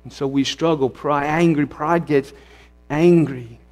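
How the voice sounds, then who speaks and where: A man's voice: a little high, fairly even intonation, unhurried, darkish tone. A man preaching a sermon as pastor, earnest and repetitive, often restarting his phrases. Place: church sanctuary. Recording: long reverb of a church hall.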